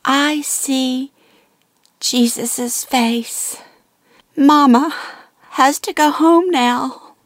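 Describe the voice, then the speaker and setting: A woman voicing a frail elderly mother near death, speaking slowly and softly in a gentle, breathy way. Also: high-pitched, fairly even intonation, no room sound, voice pushed up. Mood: frail, soothing. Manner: slow, breathy, soft-spoken.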